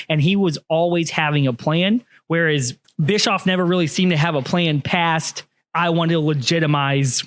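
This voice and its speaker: Man, podcast co-host, animated, slightly high voice, casual swearing. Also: normal speed. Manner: animated, acts out quotes, swears freely.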